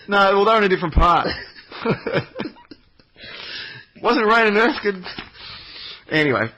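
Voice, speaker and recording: A man talks in a husky, forceful voice, rambling through stories and swearing freely. It is a casual podcast chat. The recording is dull and lo-fi. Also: high-pitched, lively intonation, normal speed, pauses often. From Australia. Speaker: podcast guest.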